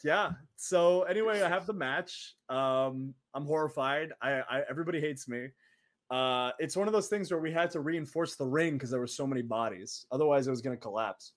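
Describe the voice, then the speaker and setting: A man in his twenties, an interview guest telling stories in a lively way, acting out quotes and laughing often. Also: fairly high pitch, a little fast. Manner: animated, acts out quoted voices, laughs often. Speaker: interview guest, former wrestler. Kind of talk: casual storytelling.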